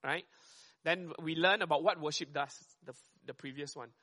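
Bright, quick-talking man preaching. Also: on the high side. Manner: quick and conversational, often checks in with "right?". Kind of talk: sermon.

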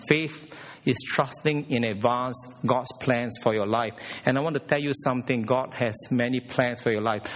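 A man preaching a sermon at a church service, emphatic and animated, putting direct questions to the congregation. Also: mid-range voice.

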